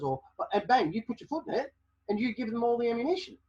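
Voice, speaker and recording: Guy explaining stuff on a webinar, kinda high husky voice, keeps saying okay?, dull lo-fi sound. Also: expressive, fast talker, a little mellow. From Australia. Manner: emphatic, repeats "okay?" to drive points home. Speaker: webinar presenter. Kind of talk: explaining legal advice to a caller.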